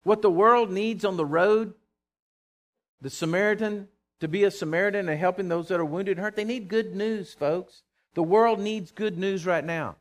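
Male pastor, high tenor voice, folksy and animated from the pulpit. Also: normal speed. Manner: animated, folksy preaching with rising emphasis. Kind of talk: sermon.

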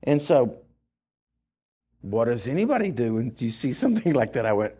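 A man's voice: medium pitch, big pitch swings, normal speed, mellow. A man preaching in church, telling a story dramatically and laughing as he goes. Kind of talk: storytelling sermon.

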